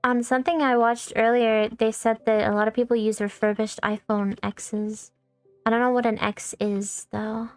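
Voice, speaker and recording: A young woman with a fairly high voice chats through a game stream, wandering from thought to thought with plenty of swearing and self-mocking jokes. Her voice sits close and dry on the mic, with soft music playing faintly underneath. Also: little pitch movement, normal speed, no room sound. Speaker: VTuber streamer. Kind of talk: casual gaming stream chat. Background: faint background music.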